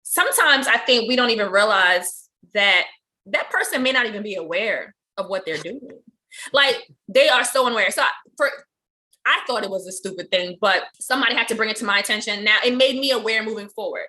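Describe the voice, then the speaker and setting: An animated woman in her thirties hosts a casual podcast chat. Her voice is bright and lively, with a pitch that swoops freely. She keeps breaking into laughter as she tells stories. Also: brisk. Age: 30s. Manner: animated, expressive storyteller; laughs often while talking. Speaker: podcast host. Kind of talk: casual conversation.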